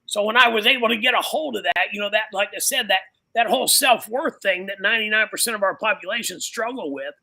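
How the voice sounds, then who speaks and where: This man speaks high for a male voice, and his tone has a gravelly fry and a sharp, piercing edge. He is a biker pastor giving a casual testimony on a podcast, talking loosely and preachily and peppering every line with "man" and "you know.". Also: fast, few pauses, poor audio.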